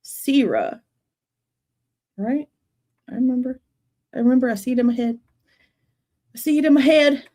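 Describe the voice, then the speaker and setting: A young woman with a high voice hosts a casual true crime livestream. She talks in a loose, chatty way and sounds exasperated. She keeps breaking off to greet viewers in the chat by name. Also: normal speed, pauses often, mellow. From Texas.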